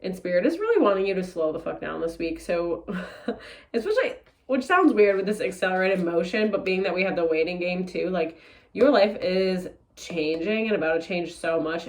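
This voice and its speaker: A woman giving a casual tarot forecast, speaking in a blunt, animated way and swearing freely. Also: on the low side. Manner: blunt, profane, animated and candid. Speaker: tarot reader.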